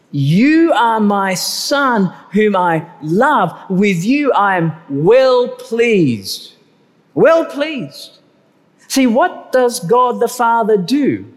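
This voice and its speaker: Male preacher, lively pitch, drawn-out emphasis on key words, echoing church hall. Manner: animated, stretches key words slowly for emphasis. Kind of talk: sermon. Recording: long hall reverb.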